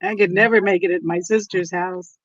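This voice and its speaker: A woman's voice: lowish voice, fairly even intonation, fairly quick, no echo, lo-fi sound. A woman chatting as a guest on a craft livestream, giggly and joking. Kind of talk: casual chat.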